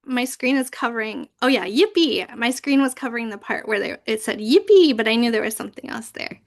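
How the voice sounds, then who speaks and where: Woman, children's library presenter, higher voice, animated and playful. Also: brisk, creaky. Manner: animated, bursts into big character voices when reading. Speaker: library youth services manager. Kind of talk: presenting a training session, reading picture books aloud.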